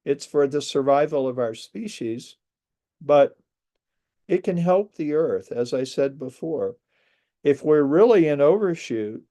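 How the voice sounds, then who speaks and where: Male speaker, mellow low-key tone, unhurried and earnest, reflective presentation talk. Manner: measured, earnest, with pauses. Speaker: speaker on space migration. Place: lives outside a large US city.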